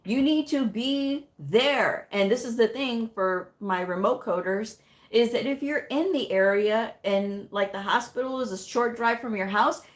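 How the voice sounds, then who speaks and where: A middle-aged woman, a medical coding educator, telling a work story in a chatty, animated live-stream way, with lots of "you know.". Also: a little high, a little slow.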